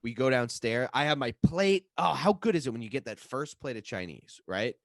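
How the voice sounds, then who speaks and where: A man co-hosting a comedy podcast, telling a profane story with lots of swearing and shouted reenactments. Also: mid-range voice, a little fast, no echo, clean studio sound. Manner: profane, animated, acts out his own yelling. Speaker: podcast co-host.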